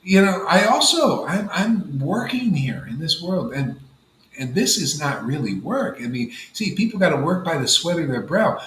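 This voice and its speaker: A man with a fairly high voice gives a loose, conversational spiritual talk to a gathered group, drifting between thoughts and tossing in "you know" and "man". The room is echoey, and faint ambient noise hangs behind him. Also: sing-song, moderate pace, a bit bright. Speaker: spiritual teacher leading a devotee gathering. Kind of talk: informal devotional talk.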